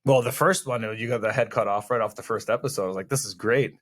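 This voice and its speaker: A man's voice: mid-range voice, fairly bright tone. Brief: male podcast co-host, casual banter, jokey and rambling, interrupts a lot. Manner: joking, rambling, quick to interrupt. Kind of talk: casual chat.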